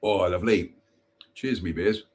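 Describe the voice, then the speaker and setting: Male host, slow, husky, reads ghost lore aloud, stumbles over names and mocks himself. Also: deep voice, darkish tone. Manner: chatty, self-mocking asides, stumbles over place names. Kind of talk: live-stream ghost story reading.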